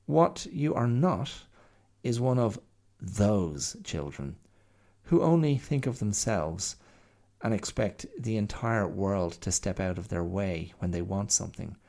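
A proud little bear with a prim, matter-of-fact manner, as a man puts him on in a storybook reading. He speaks with slow, gravelly confidence and lets his voice rise and fall a great deal, as if every remark settles the matter. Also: on the low side, expressive, darkish tone, heavily acted. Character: little proud fussy male bear helper.

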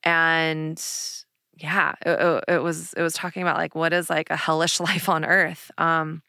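A woman's voice: deep voice, little pitch movement, measured pace, gravelly, bright, forceful tone, no echo. A woman hosting her podcast, candidly retelling a personal story with fillers and laughs, close to the mic. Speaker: podcast host.

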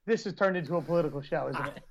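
Gravelly high-voiced man telling rambling stories. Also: bright, forceful tone. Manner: rambling storyteller, laughs often. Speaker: podcast co-host. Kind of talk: casual chat.

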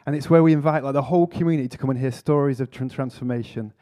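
A man's voice: medium pitch, rapid-fire, dark tone. A man giving a conference sermon, telling a story earnestly with self-mocking humour. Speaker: speaker at a church conference. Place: conference hall talk.

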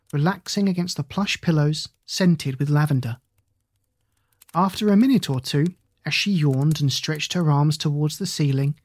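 An audiobook narrator reading a children's novel in a steady, measured way. The voice sits mid-range. It is recorded on a close mic with no room sound at all. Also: medium pitch, husky, no echo. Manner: measured and even storytelling.

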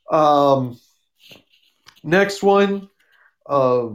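A man casually recapping and reviewing comic books, rambling with ums and self-corrections. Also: a little high.

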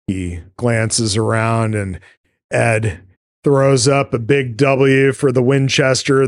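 A man's voice: on the low side, vocal fry, no room sound, clean studio sound. A man hosting a podcast, rambling through a casual film recap with many fillers and the odd swear word. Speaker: podcast host.

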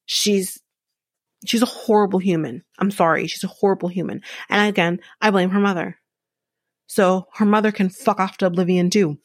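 A woman talks straight into a dry, close mic, her voice sitting at an ordinary middle pitch. She rants casually on her own podcast, blunt and exasperated, swearing freely as she goes. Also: fairly even intonation, normal speed, no room sound. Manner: blunt, profane, exasperated ranting. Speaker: podcast host recapping a reality show. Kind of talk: casual solo recap.

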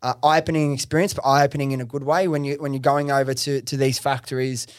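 A young man, a podcast host taking the guest seat, tells his business story in a lively, slangy way with frequent swearing and fillers. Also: mid-range voice, quick pace, clear, resonant tone, dry recording, studio quality. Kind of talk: casual interview storytelling.

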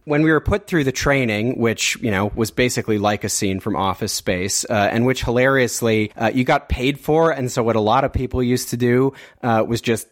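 A man from Canada hosting a podcast, telling a story in a casual, wry and animated way. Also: medium pitch, moderate pace, hardly any pauses. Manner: wry, animated storyteller who slips into mock voices. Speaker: podcast host.

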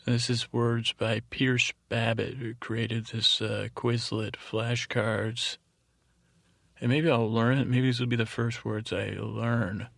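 A man's voice: mid-range voice, little pitch movement, slow pace, gravelly, a bit bright, dry recording. A man hosting a bedtime podcast, rambling along and stumbling over foreign words as he reads them out. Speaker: podcast host.

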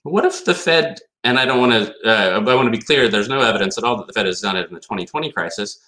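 Male lecturer, bright tense tone, emphatic, keeps throwing rhetorical questions at the room. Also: fairly low pitch, animated, fast. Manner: reads statute passages aloud. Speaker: conference speaker on law. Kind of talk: academic lecture.

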